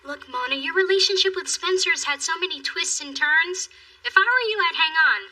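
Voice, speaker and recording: An ambitious young woman in a sitcom who talks in a brisk, self-assured way. Her voice is high and bright. It is recorded from a distance on the set. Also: expressive, full character voice. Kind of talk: sitcom acting.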